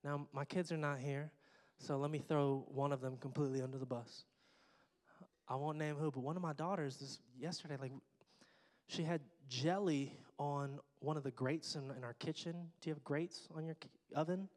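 A man's voice: on the high side, fairly even intonation, moderate pace, a little mellow. A middle-aged man preaching a sermon, conversational with joking asides to the congregation. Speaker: pastor. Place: church sanctuary. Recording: long hall reverb.

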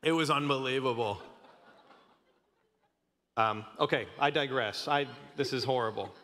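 A man's voice: medium pitch, a little slow, long pauses, pushed and bright, long reverb tail. A man from Canada in his thirties preaching a casual, joking sermon, often stumbling and restarting his sentences. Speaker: pastor. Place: church sanctuary.

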